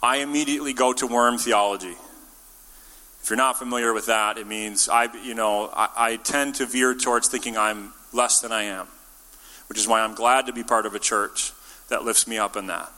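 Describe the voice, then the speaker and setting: A long, church-like reverb trails a preacher who speaks at normal speed in a steady, mid-range voice. He's bright and forceful yet casual and jokey, performing little voices for the figures in his story.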